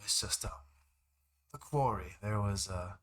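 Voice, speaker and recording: A man's voice: on the low side, measured pace. A man voicing a friendly but flustered neighbor who hedges and stammers, in a tabletop game. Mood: evasive. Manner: hesitant, full of ums and trailing phrases.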